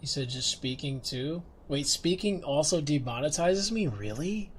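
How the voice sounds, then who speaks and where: A man's voice: a little high, expressive, moderate pace, slight background noise. A man streaming as a VTuber, chatting casually and playfully with his viewers in a rambling way, recorded on a binaural microphone. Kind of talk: casual live-stream chat. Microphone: binaural dummy-head microphone.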